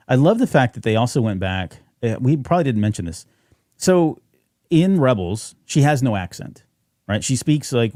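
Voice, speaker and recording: Man, podcast co-host, mellow low voice, dry sound, rambling casual chat. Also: dry recording. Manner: rambling, many fillers and restarts.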